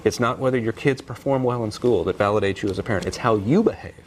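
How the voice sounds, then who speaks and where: A man, a parenting author, talking in a TV news interview, energetic and animated, acting out what parents and kids say. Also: lowish voice, fast talker, a little hiss or hum. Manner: energetic, animated, acts out parent and kid voices. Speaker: parenting author and speaker, guest.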